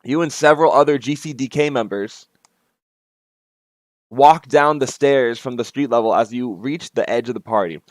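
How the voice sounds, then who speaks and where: Brief: a chatty man narrating a game, mid-pitch, dry close sound. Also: normal speed, no echo. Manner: casual, chatty asides and self-corrections. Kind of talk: reading a self-made game aloud.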